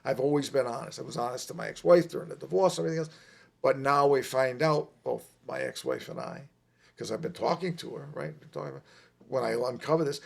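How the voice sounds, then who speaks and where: A middle-aged man telling a long personal story on a podcast, emphatic and animated, repeating his points. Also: mid-range voice, fast, gravelly. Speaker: podcast guest. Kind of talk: casual storytelling.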